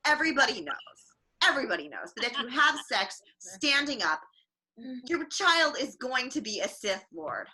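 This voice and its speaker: A woman's slightly high, sing-song voice, pushed and bright in full character, carries a moderate pace. In this in-character stand-up on a livestream mic, she's a jaded middle-aged space princess and mother, griping sardonically with weary asides that mock her own tiredness.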